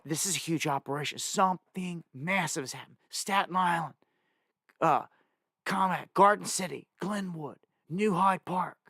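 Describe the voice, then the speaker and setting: A man's voice: high voice, fairly bright tone, no room sound, studio quality. Urgent, emphatic male live-stream host. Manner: urgent, emphatic, talks straight at viewers; reads place lists off the screen. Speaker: live news show host.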